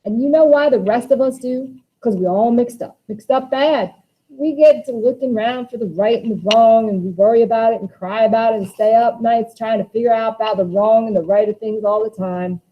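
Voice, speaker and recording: A woman's voice: on the high side, brisk, lightly acted. A woman voicing Walter, a bitter, scheming young man, in a dramatic play reading with a raised, impassioned voice, on a dull lo-fi recording.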